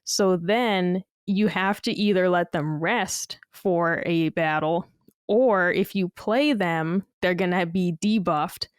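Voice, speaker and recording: A woman's voice: lowish voice, slow pace, smooth, dry recording, studio quality. A woman co-hosting a casual gaming podcast, rambling with many fillers and casual swearing. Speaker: podcast co-host.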